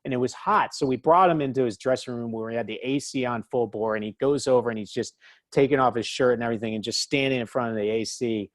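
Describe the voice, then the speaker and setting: Animated man telling stories, dry sound. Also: mid-range voice, fast talker, dry recording. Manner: animated, acts out quotes in raised voice. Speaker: interview guest, author. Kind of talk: casual storytelling.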